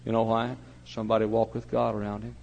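A man preaching a sermon as pastor, swinging from hushed storytelling to loud hollering. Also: fairly low pitch, flat delivery, fast talker, gravelly, lo-fi sound.

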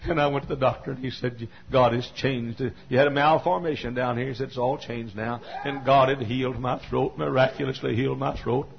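Folksy older preacher, dull tape. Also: male voice, medium pitch, fairly even intonation, fairly quick, gravelly, hardly any pauses. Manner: folksy and repetitive, builds to shouting climaxes. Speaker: pastor. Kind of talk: sermon with personal testimony.

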